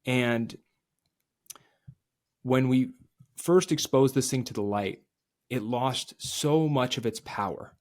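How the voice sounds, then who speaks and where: A man on an interview show tells his own story plainly and openly, with a middle-pitched voice. When the story turns heavy he drops low and quiet. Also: slow pace, long pauses. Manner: confessional, drops quiet and low at emotional moments. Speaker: podcast guest. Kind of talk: candid personal storytelling.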